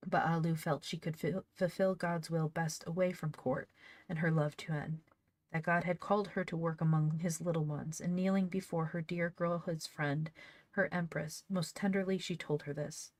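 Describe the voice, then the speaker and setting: A woman's voice: deep voice, fairly even intonation, normal speed, a little mellow, no echo. A woman reading an old storybook aloud, now and then breaking off to laugh and comment on it. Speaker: reader of an old book. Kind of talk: casual read-aloud with asides.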